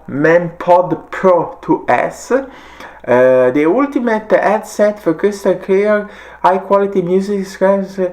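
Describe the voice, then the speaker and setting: Man with an Italian accent, halting. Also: on the high side, darkish tone. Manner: halting, frequent uh fillers, non-native grammar. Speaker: tech reviewer. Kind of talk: casual product demo.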